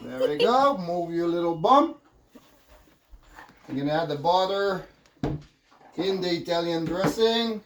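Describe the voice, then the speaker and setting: A man with a French accent, chatting casually and rambling with jokey asides while cooking in his home kitchen. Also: a little high. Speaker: vlogger cooking on camera. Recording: echoey kitchen with faint noise.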